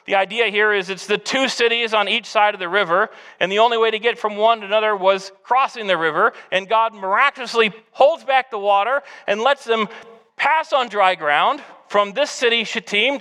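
Male pastor, high bright voice, earnest sermon delivery, hall reverb. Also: normal speed, clear, resonant tone. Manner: earnest, exhortative preaching.

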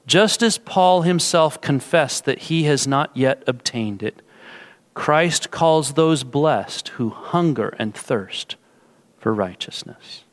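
A male pastor giving a sermon and closing in prayer, with slow, measured phrasing and drawn-out emphasis. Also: mid-range voice.

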